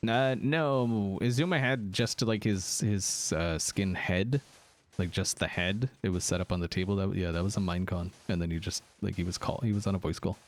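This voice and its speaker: During a casual livestream, a young man answers his viewers while playing a game, speaking low at a normal speed. He sounds a bit ill, still coughing, and rambles along with ums and laughter.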